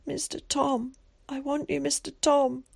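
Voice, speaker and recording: A woman's voice: a little high, sing-song, unhurried, a little mellow, dry recording, pitched above the performer's own voice. A woman reading an audiobook, voicing a frightened young boy with a way of speaking, hesitant and faltering. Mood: whispering sob. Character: timid, frightened young boy, London evacuee.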